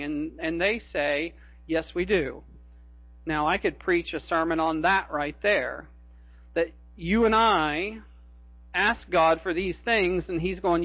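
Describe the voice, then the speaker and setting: A high-voiced man delivers a folksy, conversational sermon, slipping homey jokes in among the scripture. The recording is dry and a little muffled. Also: a little slow, dry recording. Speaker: preacher.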